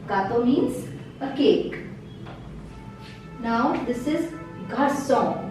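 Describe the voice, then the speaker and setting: A high-voiced woman teaches slow beginner vocabulary, saying each word again and again with patient care. She sits some way off the mic, and her voice rings in a very echoey room with a faint hum of noise behind it. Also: lively intonation, distant mic, music in the background. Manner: patient, repeats each word several times. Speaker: French teacher.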